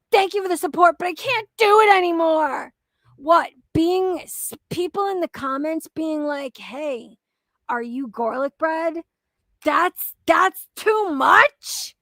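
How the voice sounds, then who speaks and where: A woman's voice: very high voice, a little slow, a bit bright, no room sound. A young woman hosting a reaction commentary video, ranting in a profane, exasperated and mocking way. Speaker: commentary channel host.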